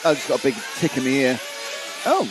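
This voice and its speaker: On a live stream, a man gives chatty, wry race commentary, reading out viewer comments and stumbling over names before restarting. His mid-range voice is sing-song and brisk, and the audio is poor.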